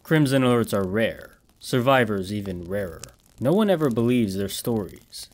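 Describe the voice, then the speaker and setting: A man voicing a stern, weary warrior with a deep, grave, commanding delivery. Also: expressive, moderate pace, close to an everyday voice.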